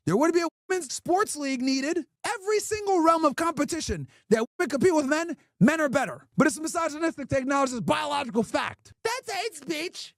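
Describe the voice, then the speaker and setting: Guy ranting at his stream chat, high voice that jumps all over, super mocking, dry sound. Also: expressive, brisk, few pauses, fairly bright tone, no room sound. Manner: emphatic, mocking, repeats rhetorical questions. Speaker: streamer and podcast host. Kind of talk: ranting commentary to a live chat.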